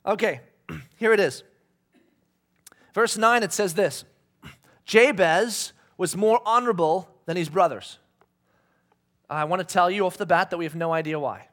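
A man's voice: on the high side, fairly bright tone. Joking, conversational male preacher. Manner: conversational and joking, laughs often, acts out voices. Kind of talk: casual sermon.

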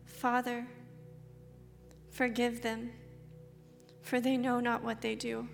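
A woman giving a slow, measured and reverent Bible reading. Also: fairly high pitch, gravelly. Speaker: scripture reader. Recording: reverberant hall with soft music.

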